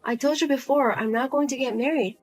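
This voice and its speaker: A woman's voice: sits high, a little fast, a little mellow, faint music behind, voice pushed down. A woman voicing a single adult daughter who speaks bluntly and coldly to her mother. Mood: firm, exasperated. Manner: blunt, cold, lecturing.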